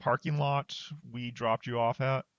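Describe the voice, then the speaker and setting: Slow hesitant man on a dull mic. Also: medium pitch, level tone, dry recording. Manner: slow, hesitant, many ums. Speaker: player. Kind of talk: in-character tabletop message.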